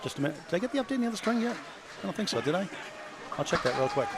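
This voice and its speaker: Man, somewhat high voice, color commentator listing scores, loud alley noise around. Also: sing-song, very fast. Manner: rattles off scores and standings. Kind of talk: live sports commentary. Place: bowling alley. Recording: noisy bowling alley broadcast.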